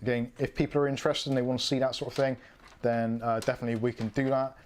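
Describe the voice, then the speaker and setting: A man from the UK builds a PC on stream, musing aloud and joking at his own expense. His mid-range voice is flat and quick, with a little background noise.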